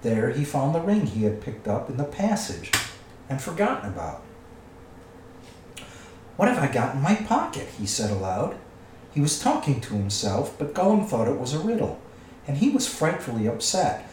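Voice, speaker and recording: A man reading a storybook aloud with expressive storytelling. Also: mid-range voice, normal speed, recorded from a distance, slight background noise. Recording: echoey room, away from the mic.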